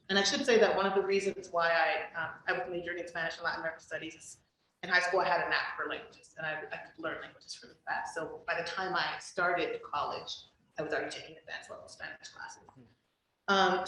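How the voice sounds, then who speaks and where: Woman with a low voice telling stories in a roomy space. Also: fairly bright tone. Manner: chatty, frequent ums and likes, laughs easily. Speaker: academic guest speaker. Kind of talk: conversational storytelling. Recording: roomy, distant mic with faint noise.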